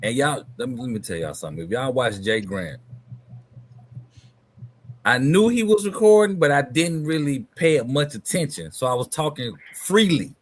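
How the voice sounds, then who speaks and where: A man's voice: mid-range voice, sing-song, normal speed, a little hiss or hum. A man hosting a live hobby talk stream, telling stories in a laid-back, slangy way. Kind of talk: casual chat, storytelling.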